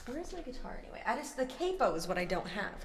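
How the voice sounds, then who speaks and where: Flustered, excitable woman music streamer. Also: fairly high pitch, fast talker, a little hiss or hum. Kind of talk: casual live-stream chat. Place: home at night.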